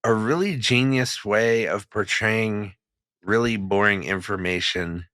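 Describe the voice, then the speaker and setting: Deep, bright-toned casual male podcaster. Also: measured pace, dry recording, clean studio sound. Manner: casual, swears freely, laughs often. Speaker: podcast co-host. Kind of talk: casual chat.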